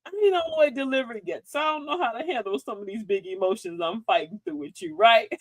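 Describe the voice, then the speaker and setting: Sassy, lively woman hosting a live advice show. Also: on the high side, a little fast, no room sound. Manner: sassy, preachy, laughs often; addresses listeners as sis, queen and beloved. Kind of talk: livestream advice talk.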